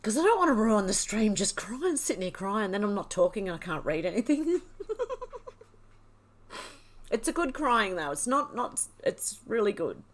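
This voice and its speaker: A woman's voice: mid-range voice, big pitch swings, moderate pace. A woman hosting a livestream, emotional and crying as she reads viewer comments aloud in casual chat. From Australia. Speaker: livestream host.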